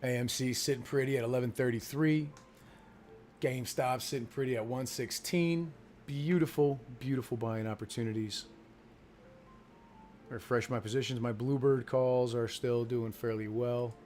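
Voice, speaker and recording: A man's voice: mid-range voice, steady tone, normal speed, soft background music. A man hosting a casual stock market livestream, joking and swearing as he talks about his trades and his family. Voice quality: profane, joking, loud bursts of laughter. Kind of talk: casual trading livestream chat.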